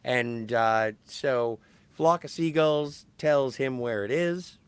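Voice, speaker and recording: In a smooth, slow, mid-range voice free of room sound, a male podcast co-host chats casually through a film recap. He tells it with animation and keeps correcting himself partway through sentences.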